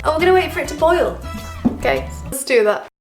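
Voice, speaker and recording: A woman's voice: high voice, expressive, a little fast, reverberant, loud music behind the voice. A woman chatting playfully in a casual home vlog from her kitchen. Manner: chatty and playful, jokey asides. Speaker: vlogger. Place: home kitchen with washing machine running.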